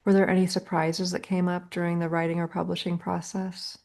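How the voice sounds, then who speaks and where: A woman's voice: fairly low pitch, completely flat delivery, brisk, a little mellow. A woman hosting an interview, asking questions and giving brief, encouraging acknowledgements. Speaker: podcast host, interviewer.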